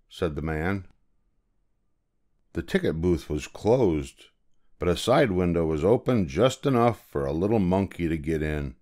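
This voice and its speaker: Low-voiced grandfather reading a storybook. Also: a little slow. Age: older. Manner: gentle, expressive storytelling. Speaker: storybook narrator. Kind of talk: children's read-aloud narration.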